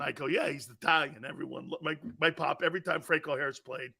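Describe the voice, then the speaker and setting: A male sports talk host with a forceful, somewhat high voice. He rambles through animated anecdotes and asides, reading off viewers' takes between stories. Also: quick pace, gravelly, few pauses, breathy edge. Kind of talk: live sports talk show.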